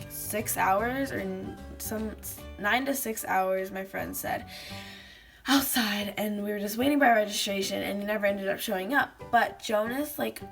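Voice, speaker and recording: Creaky-voiced woman rambling through a vlog. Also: mid-range voice. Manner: rambling, fillers of "like", acts out quotes. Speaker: vlogger. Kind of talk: casual chatty recap to camera.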